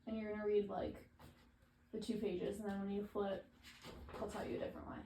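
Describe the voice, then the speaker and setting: A woman with a mid-range, gravelly, mellow voice and little pitch movement speaks fairly quickly as a reading coach, casually and encouragingly instructing someone to read aloud in different voices. She uses frequent fillers, and the echoey room has faint ambient noise.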